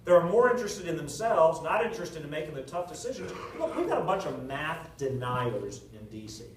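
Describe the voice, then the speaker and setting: A man, a political candidate, answering at a town hall meeting, telling anecdotes with jokes in a lively storytelling manner. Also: on the high side, fairly quick, recorded from a distance, slight background noise. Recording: echoey hall recorded from afar.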